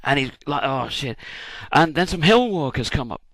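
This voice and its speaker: A man vlogging a comic retelling of a story, irreverent and swearing, acting out shouted cheers now and then. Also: fairly high pitch, big pitch swings, fairly quick, no echo. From United Kingdom.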